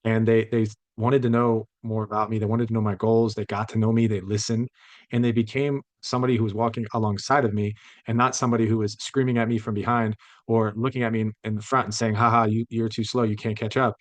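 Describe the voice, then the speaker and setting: A man's voice: lowish voice, level tone, fast, dry recording. A man lecturing to a class as a professor, conversational and reflective, often correcting himself mid-thought.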